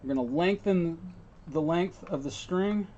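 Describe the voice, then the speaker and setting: A man's voice: a little high, measured pace, warm tone, lo-fi sound. A man working as a guitar repair technician, thinking aloud and chatting casually with viewers as he works in his workshop. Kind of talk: casual workshop stream talk.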